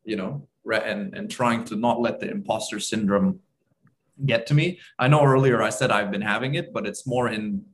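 A man's voice: on the low side, normal speed. A young man from Turkey co-hosting a casual podcast over a video call, talking eagerly in rambling bursts with restarts. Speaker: podcast co-host.

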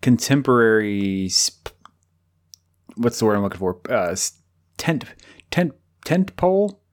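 Lively low-voiced male co-host. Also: a little slow. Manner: searching for words, animated. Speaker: podcast co-host. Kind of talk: casual chat.

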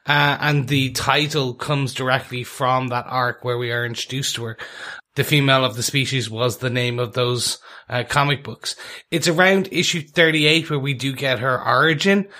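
A man's voice: mid-range voice, bright, forceful tone. A man hosting a podcast segment, explaining things in a playful, upbeat way. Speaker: podcast host.

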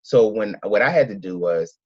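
A man from Philadelphia, an event organizer, telling his story in a casual interview, rambling and excitable with many restarts. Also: fairly low pitch, moderate pace, breathy edge, dry recording, dull audio.

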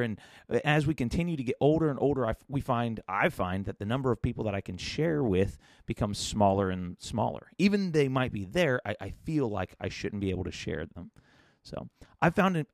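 Reflective podcast host, low-pitched man. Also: no room sound, studio quality. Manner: reflective, earnest, with frequent restarts. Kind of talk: solo podcast monologue.

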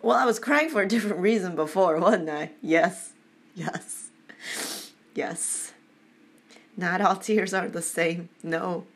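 Slow, gravelly woman reading with commentary. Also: lowish voice. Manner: rambling, heartfelt, emotional. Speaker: reader giving commentary. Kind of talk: casual reading with personal commentary.

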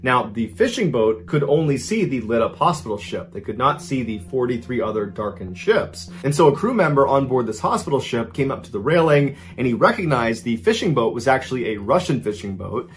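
A man hosting a history channel, telling a story in a brisk, chatty way, linking events with "and so". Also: medium pitch, very animated. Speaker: host.

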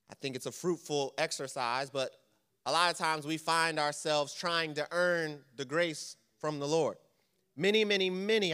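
A man's voice: a little high, sharp tone, clean tone. A man preaching a church lesson, conversational and quizzing the congregation with questions. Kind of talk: sermon.

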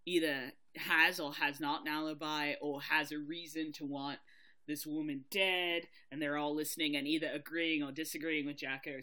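A woman co-hosting a podcast chats casually and candidly while reviewing a TV mystery adaptation, swearing lightly and laughing often. Her voice is low, bright and forceful.

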